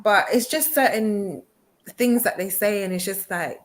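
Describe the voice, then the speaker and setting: A woman's voice: mid-range voice, a little slow. A woman in a casual podcast group chat, blunt and teasing, often giggling. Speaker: podcast panelist.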